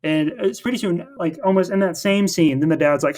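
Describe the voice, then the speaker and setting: A man's voice: high voice, brisk, hardly any pauses, a little mellow. A man co-hosting a casual film podcast, recapping the plot in a rambling way with many fillers and restarts. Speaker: podcast co-host.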